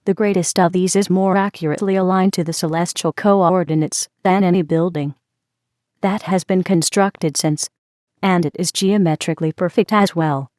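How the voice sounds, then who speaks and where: A talkative woman from the next table explains things at length in a steady, lecturing way, and her voice sits low. A woman reads her part. It sounds dry and close. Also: moderate pace, no room sound, lightly acted. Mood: explaining.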